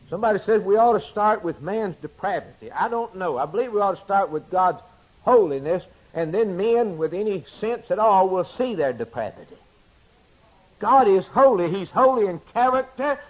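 Husky high-voiced man preaching. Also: lively intonation, moderate pace, low-quality recording. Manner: emphatic preaching, swinging between loud declarations and hushed asides. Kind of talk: sermon.

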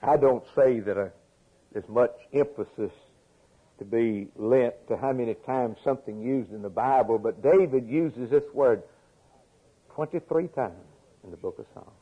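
A man preaching a sermon, repeating phrases and swinging from emphatic peaks to quiet low lines. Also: moderate pace, breathy edge. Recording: tinny phone-like lo-fi recording.

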